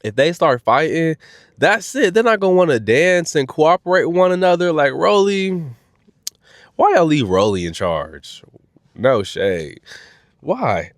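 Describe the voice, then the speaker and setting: A man casually recapping a reality show episode, animated and dramatic, with slang-heavy speech. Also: a little slow, no room sound, studio quality. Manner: animated, dramatic, acts out quotes in high voices. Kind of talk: casual reaction commentary.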